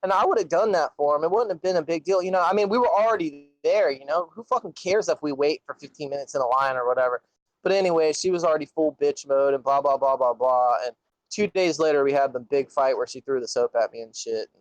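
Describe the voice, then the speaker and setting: A man's voice: on the high side, quick pace, no echo, low-quality recording. A young man telling a long story in casual chat, rambling and swearing constantly. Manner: profane, rambling, animated storyteller.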